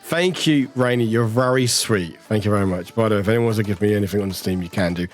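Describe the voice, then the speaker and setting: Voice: medium pitch, faint music behind. A streamer chatting casually with viewers, reading out chat and greeting people, with a lingering cough. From United Kingdom. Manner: chatty, rambling, warm toward chat, quick laughs.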